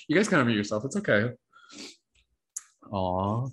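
A man's voice: mid-range voice, very animated, brisk, long pauses, a bit bright. A man hosting an online workshop, chatting casually over a video call, rambling with plenty of fillers. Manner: rambling, full of fillers like "like" and "you know". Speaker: workshop host.

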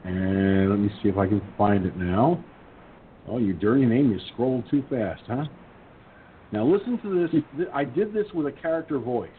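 A man's voice: medium pitch, lively intonation, normal speed. A man hosting an online talk radio show, chatting and telling stories about doing voices. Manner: talkative, storytelling, chuckling at himself. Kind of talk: casual chat. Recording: tinny phone-line audio with faint noise.

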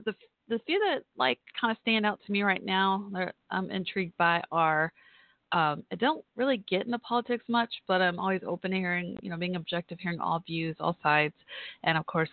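A woman's voice: lowish voice, no room sound. Chatty Southern woman on a phone line. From Texas. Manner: chatty, friendly, laughs often. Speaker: talk show host. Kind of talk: casual call-in show chat. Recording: tinny phone-line sound.

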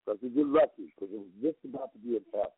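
A man's voice: rapid-fire, slightly rough, dry recording. A man who is a guest vocal coach, telling a long story on a radio show in an emphatic, repetitive way, heard through a phone line. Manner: emphatic, repeats himself, jumps between pitch levels.

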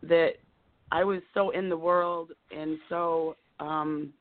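A woman's voice: low voice, steady tone, slow, dry recording. A woman in her fifties calling in to a live show, talking in emotional, rambling bursts and holding back tears. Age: 50s. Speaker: caller. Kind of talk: caller on a live call-in show. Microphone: telephone. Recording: tinny phone line.

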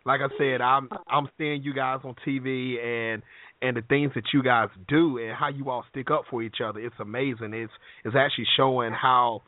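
A man's voice: medium pitch, fairly even intonation, moderate pace, no echo. An easygoing man hosting an interview, full of praise for his guests. The sound is thin and phone-like, dry and close. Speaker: show host. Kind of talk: casual interview. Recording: tinny phone line, dry.

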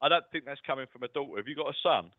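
A man's voice: mid-range voice, expressive, very fast. A man with a British accent, a psychic medium guest, chatting earnestly as he relays messages. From United Kingdom. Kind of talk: casual call-in chat. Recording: tinny phone-line sound.

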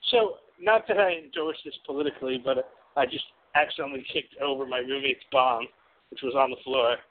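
A man's voice: medium pitch, fairly quick. A man co-hosting a casual podcast chat, rambling with frequent restarts and stammers. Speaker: podcast co-host. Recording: tinny phone-like line.

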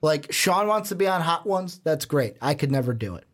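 A man's voice: fairly high pitch, expressive, moderate pace. A young man with a Chicago accent, co-hosting a podcast in a rambling, casual chat. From Chicago, USA. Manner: rambling, chatty, swears casually. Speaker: podcast co-host.

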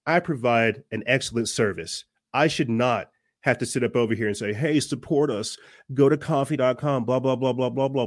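A man of average pitch, hosting his own podcast and ranting in an earnest, preachy way as he builds to fiery peaks. His voice sounds dry and close, with no room sound. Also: no echo. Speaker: podcast host. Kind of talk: impassioned monologue.

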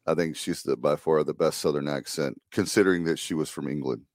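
A man from New Jersey co-hosting a casual sports talk show, laid-back and quick to laugh. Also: very deep voice, a little mellow, dry recording, clean studio sound.

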